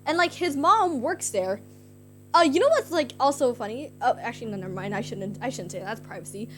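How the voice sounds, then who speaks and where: A young woman streamer with a high voice tells her chat a story in a loose, rambling way, full of "like" fillers. She sounds giggly and self-conscious. Guitar music plays clearly behind her. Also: lively intonation, a little fast, fairly bright tone. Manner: rambling, heavy use of "like" fillers.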